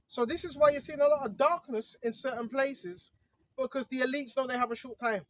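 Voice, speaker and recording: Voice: high voice, a little fast, fairly bright tone, slight background noise. A speaker preaching informally, emphatic and repetitive, checking in with the listener again and again. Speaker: online preacher. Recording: dull lo-fi recording.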